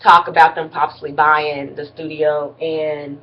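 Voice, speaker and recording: A woman's voice: low voice, level tone, unhurried, dull audio. A woman vlogger giving a casual, blunt and slangy recap of a reality TV episode, with some mild cursing.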